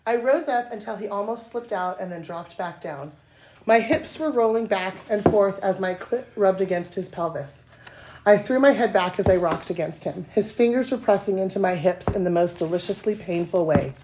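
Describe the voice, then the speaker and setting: Breathy woman reading erotica aloud. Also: medium pitch, moderate pace, background noise. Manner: self-conscious, giggly between passages. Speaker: guest reader.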